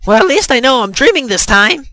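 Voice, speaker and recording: A man voicing a frantic young man in a high, yelling voice. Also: wildly swooping pitch, very slow, creaky, no room sound, heavily acted. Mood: panicked yelling.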